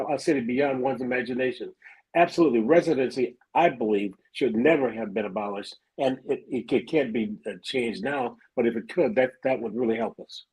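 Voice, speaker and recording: An older man from Detroit, speaking as a guest on a radio talk show. His voice is husky and a little breathy, and his pitch sits in the middle range. He tells stories in a halting way and often repeats words as he goes. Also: darkish tone, poor audio. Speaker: guest, former police chief.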